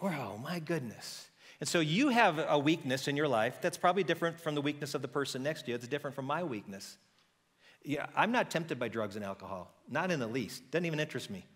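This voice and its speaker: A man preaching a sermon as pastor, telling a story in a lively conversational way and acting out the characters' voices. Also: fairly high pitch, long reverb tail. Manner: conversational with frequent restarts.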